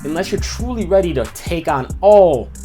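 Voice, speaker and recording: Man, slangy, lively storyteller, fairly high voice. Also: normal speed, soft background music. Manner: street slang, animated retelling with repeated phrases. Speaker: former inmate telling stories. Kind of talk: casual storytelling.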